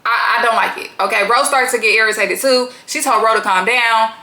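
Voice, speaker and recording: A woman chats through a reality TV recap in a bright, forceful voice that sits a little high. She is blunt and profane, slips into slang, and laughs often. The sound has a noticeable echo from the room. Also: fairly quick. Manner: chatty, slangy and animated. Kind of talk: casual reality TV recap commentary.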